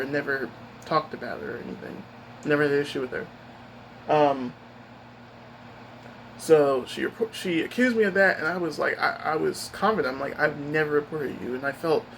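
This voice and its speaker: A man's voice: fairly high pitch, slight background noise, low-quality recording. A man vlogging, telling a personal story in a rambling, upset way with many restarts.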